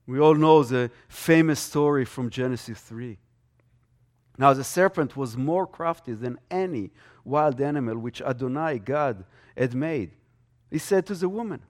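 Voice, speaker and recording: A man's voice: medium pitch, expressive, a little slow, a little mellow. A man preaching a sermon with strong emphasis, his voice swelling and dropping.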